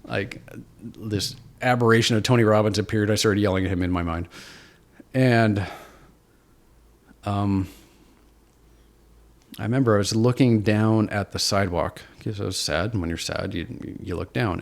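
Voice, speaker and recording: A man's voice: fairly low pitch, measured pace, gravelly, long pauses. A man from Seattle, a podcast guest, candidly telling his personal story in an earnest, self-deprecating, reflective way. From Seattle, USA.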